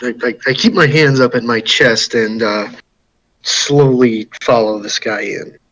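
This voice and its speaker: Halting male tabletop player. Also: medium pitch, a bit bright, rough recording. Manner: halting, repeats words. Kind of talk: tabletop game play.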